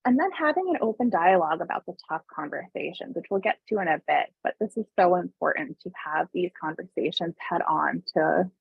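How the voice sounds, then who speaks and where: A woman presenting a parenting webinar in a relaxed, conversational way, often adding tag questions. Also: on the low side, a little fast, gravelly, hardly any pauses, slightly rough, no echo. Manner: calm explaining tone, briefly voices parents and kids. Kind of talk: informal online presentation. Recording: tinny phone-like dry webinar audio.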